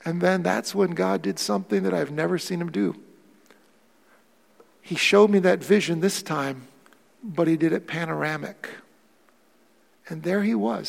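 A man in his forties preaching a sermon in a large auditorium. He tells a personal story quietly, then builds to impassioned preaching. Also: sits high, vocal fry, in a large hall. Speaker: pastor.

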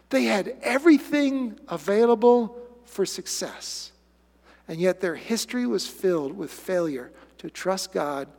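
A male pastor preaching a sermon in an animated way, with sarcastic asides. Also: high-pitched, gravelly. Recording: long hall reverb.

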